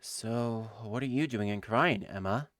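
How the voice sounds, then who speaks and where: A woman's voice: rumbling low, measured pace, no room sound, clean studio sound, pitched below the performer's own voice. A woman voicing a flustered young male defense lawyer in a fan voice-over of a game, with sarcastic, exasperated asides. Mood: bewildered.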